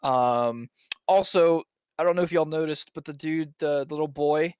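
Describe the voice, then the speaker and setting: A man's voice: on the high side, moderate pace, a little mellow, clear, resonant tone, no echo, studio quality. A young man chatting casually on a podcast panel, rambling with lots of ums and restarts. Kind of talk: casual chat.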